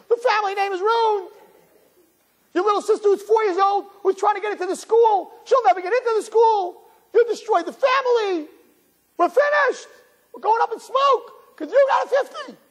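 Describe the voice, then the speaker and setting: A man voicing a hysterical middle-aged mother who shrieks melodramatically, in a shrill near-falsetto. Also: takes it slowly, hardly any pauses, darkish tone. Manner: melodramatic, catastrophizing rant.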